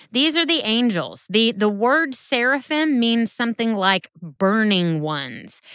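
A woman's voice: medium pitch, a bit bright, no echo, studio quality. A woman giving a Bible teaching sermon in an earnest, conversational way with emphatic turns.

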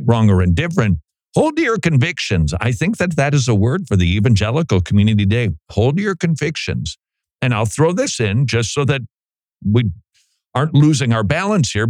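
A middle-aged man, a pastor, giving a folksy, animated commentary with frequent restarts on a close studio mic. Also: mid-range voice, no echo. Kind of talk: conversational commentary monologue.

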